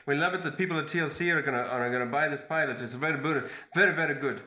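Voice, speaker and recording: A man improvising a comedy sketch, talking in rapid stammering repetitions. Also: a little high, pushed and bright.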